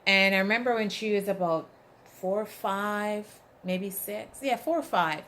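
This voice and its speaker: A woman's voice: mid-range voice, a little slow, a little hiss or hum. A woman giving an inspirational talk, speaking emphatically and telling stories with acted-out quotes. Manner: emphatic, asks the audience "right?"; animated storytelling with acted quotes. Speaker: motivational speaker.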